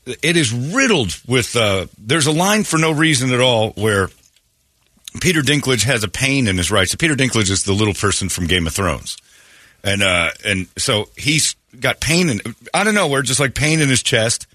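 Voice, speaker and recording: A man's voice: medium pitch, animated, moderate pace, pushed and bright, dry recording, studio quality. A man hosting a morning radio show, telling a story in a joking, laughing way. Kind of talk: casual radio banter. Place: radio studio.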